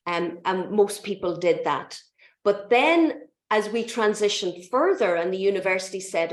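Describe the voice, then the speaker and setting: A woman's voice: medium pitch, expressive, moderate pace. Chatty Irish woman lecturing over a call. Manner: chatty, self-correcting, frequent restarts and ums. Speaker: mathematics lecturer. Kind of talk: online conference talk. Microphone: video call. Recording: echoey room.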